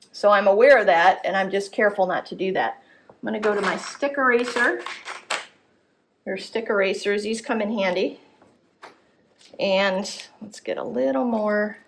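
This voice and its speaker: A woman's voice: mid-range voice, slight background noise. Woman thinking aloud during a drawing demo. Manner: thinks aloud while drawing, self-correcting. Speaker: art instructor. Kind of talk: live drawing demonstration. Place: gallery workshop.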